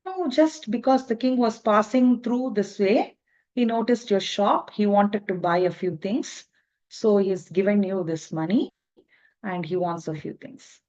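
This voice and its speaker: A woman voicing a clever, kind male royal minister who speaks gently and reassuringly, on a dull lo-fi recording. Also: medium pitch, measured pace, close to an everyday voice. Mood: explaining.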